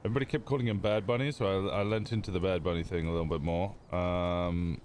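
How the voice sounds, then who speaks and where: A man's voice: low-pitched, fairly even intonation, fast talker, a little mellow, a little hiss or hum. A man livestreaming a roleplay game, chatting casually with his viewers in a rambling, self-interrupting way. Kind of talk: casual chat with stream viewers.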